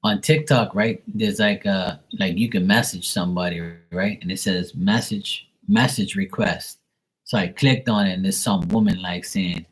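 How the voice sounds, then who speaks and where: A man with a husky, breathy voice rants to his livestream viewers in a casual way. He is blunt and profane, and he mocks the people he talks about with a sharp tongue. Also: deep voice, steady tone, moderate pace, rough recording. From Bermuda. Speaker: livestream host.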